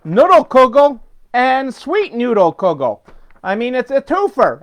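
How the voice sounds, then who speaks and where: A man's voice: very high-pitched, big pitch swings, unhurried. A middle-aged man hosting a weekly business update, talking casually and rambling with fillers, restarts and chuckles. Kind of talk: casual unscripted talk.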